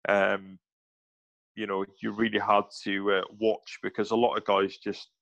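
A man's voice: lowish voice, unhurried, vocal fry, no room sound. A man, a former soldier, recounts his service in a loose, chatty interview. He acts out the voices of the people in his stories and often stops and restarts mid-sentence. The recording is dry, close and a little dull. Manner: animated anecdotes with quoted voices, many restarts. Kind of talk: casual storytelling interview.

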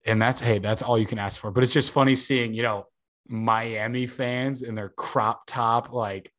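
A young man in a loose, casual podcast chat, talking at a middle pitch. He tells stories with a lot of energy and swears freely. He acts out what other people said, jumping up in pitch to play them. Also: unhurried. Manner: animated storyteller, swears freely, acts out quotes.

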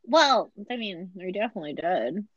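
A woman's voice: mid-range voice, lively intonation, normal speed, highs cut off, noisy background. A woman co-hosting a podcast, chatting casually and jokily while retelling a story and acting out the quotes. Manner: chatty, jokey, acts out quotes. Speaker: podcast co-host. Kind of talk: casual chat, retelling a true crime story.

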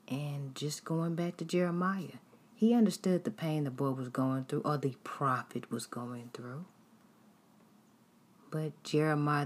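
Low husky woman preaching, slow and earnest, drops to whispers a lot. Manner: earnest, exhorting, slips into hushed whispers. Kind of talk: devotional sermon.

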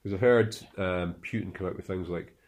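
A man's voice: deep voice, normal speed, a little mellow. A man in casual conversation who asks curious questions and double-checks the meaning of terms.

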